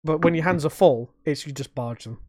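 A young man, hosting a casual podcast chat and telling animated stories that he acts out and laces with swearing. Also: a little high, fairly quick, no echo, clean studio sound. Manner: animated storytelling, swearing, acting out quotes. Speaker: podcast host.

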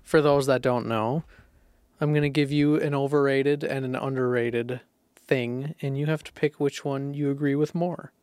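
A man's voice: medium pitch, steady tone, moderate pace, darkish tone, smooth, dry recording, clean studio sound. A man co-hosting a podcast who runs a trivia game in a playful, teasing way. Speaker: podcast co-host, quiz master. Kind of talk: casual chat.

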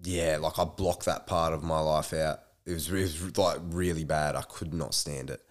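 Brief: Australian man, 20s, deep voice, lively anecdotes, casual swearing. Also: moderate pace. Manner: animated storyteller, swears freely. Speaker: podcast guest. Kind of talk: casual chat.

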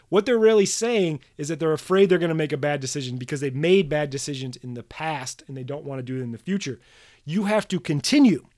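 Blunt coach guy doing a solo podcast, voice on the higher side, swears a bit, repeats his points. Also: a little mellow. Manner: blunt and punchy, swears casually; emphatic, drills points with repetition. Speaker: podcast host coaching manual therapy practitioners.

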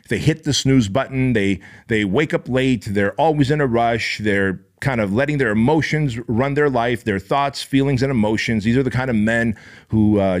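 A man hosting a podcast, delivering an intense, profane, emphatic motivational monologue. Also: mid-range voice. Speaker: podcast host.

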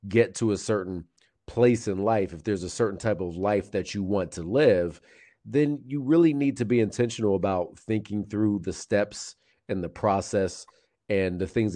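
A man with a fairly low, mellow voice talks as a guest advisor. He explains things steadily and patiently, with the odd filler and restart. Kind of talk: explanatory interview answers.

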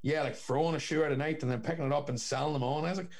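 A man's voice: fairly high pitch, fairly even intonation, racing, darkish tone. A young man, telling rambling stories in casual chat and swearing freely.

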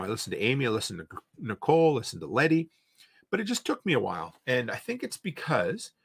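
A man's voice: on the low side, vocal fry, fairly bright tone, slightly rough. A man with an Eastern Canadian accent, hosting a casual livestream and reading viewer comments aloud with rambling reactions. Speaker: podcast host.

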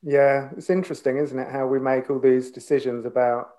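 A man's voice: mid-range voice, level tone, a little fast, warm tone. A man co-hosting a casual podcast chat, agreeable and leaning on tag questions like "isn't it?" and "know what I mean?". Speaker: podcast co-host.

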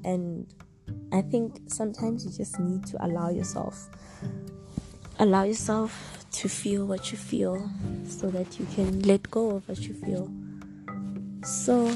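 Young woman, podcaster, heartfelt and reflective, over clear guitar music. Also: medium pitch, low-quality recording. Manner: heartfelt, reflective, openly emotional. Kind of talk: casual personal podcast monologue.

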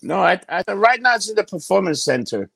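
A man with a high voice and a gravelly, creaky edge, chatting casually on a podcast. He gossips, swears freely and laughs often. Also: big pitch swings, brisk, a bit bright. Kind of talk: casual chat.

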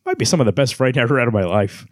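A man's voice: mid-range voice, sing-song, rapid-fire, dry recording, clean studio sound. A man co-hosting a casual book club podcast, retelling scenes and reading passages aloud with many fillers. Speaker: podcast co-host.

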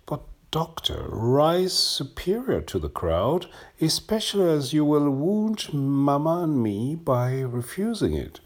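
A man's voice: a little high, big pitch swings, slow, pitched above the performer's own voice, heavily acted. A man reading a story aloud, voicing an agitated young man who pleads with earnest, repetitive gushing. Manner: agitated, pleading, repeats himself.

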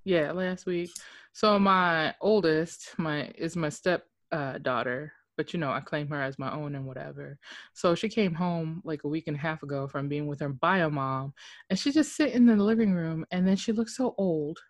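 A woman's voice: sits low, normal speed, no echo. Laughing woman host, dry sound. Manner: laughing, swearing, storytelling. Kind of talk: casual chat.

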